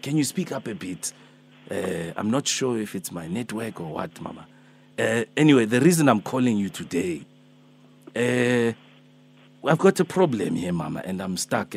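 A man's voice: lowish voice, expressive, moderate pace, creaky, breathy edge, full character voice. Alpheus, a man putting on a rambling old man. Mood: pleading, rambling. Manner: rambling, hesitant, calls her Mama and my darling. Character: elderly male debt collector, fussy and pleading. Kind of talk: prank phone call.

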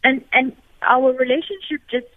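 A woman's voice: high-pitched, steady tone, normal speed, no room sound. A South African woman, a former radio co-host, telling stories in a tribute chat and acting out the quotes she tells. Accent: South African English. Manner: warm storytelling, acts out quotes. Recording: tinny phone line, dry.

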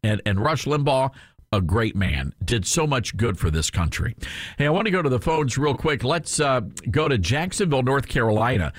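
A man's voice: mid-range voice, lively intonation, normal speed, dry recording. Southern guy hosting talk radio, lots of ums and restarts, voice swings up and down a lot, dry studio sound. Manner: rambling storytelling with many fillers and restarts. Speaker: radio talk show host. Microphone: studio microphone.

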